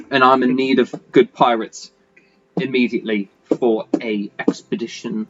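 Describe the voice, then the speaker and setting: A man's voice: medium pitch, steady tone, unhurried, dull audio, lightly acted. Man playing a touchy, theatrical pirate boss. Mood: defensive. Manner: defensive, rambling.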